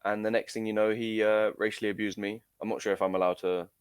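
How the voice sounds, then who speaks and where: Low-voiced young man, hesitant. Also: level tone, fast talker, smooth, dry recording. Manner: hesitant, many fillers and restarts. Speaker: amateur footballer guest. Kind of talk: casual recounting in an interview.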